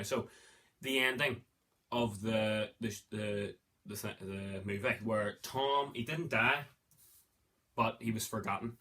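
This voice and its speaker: A man talks through a movie review in a loose, rambling way, often bursting into loud excited exclamations. His voice sits at an ordinary pitch for a man and has a bright, forward edge. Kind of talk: casual movie review monologue.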